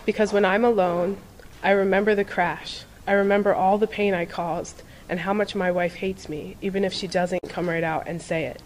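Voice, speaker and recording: A woman's voice: medium pitch, fairly even intonation, slight background noise, close to an everyday voice, rough recording. Grieving tall dad, worn out and raw, a woman reading him in a story, medium voice. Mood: pleading. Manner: pleading, raw, slow.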